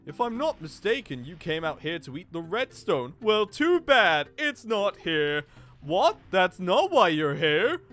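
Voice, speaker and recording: Man voicing a childish rock creature, game figure, petulant, rambling, lively. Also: high voice, unhurried, faint music behind, voice pushed up, exaggerated voice. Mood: cheeky.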